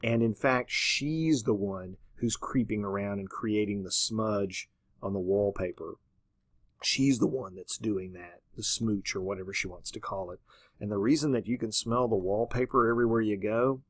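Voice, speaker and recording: A man giving a literature lecture in a conversational way, often asking "right?" and pausing on "um". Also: fairly low pitch, no room sound. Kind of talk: classroom lecture.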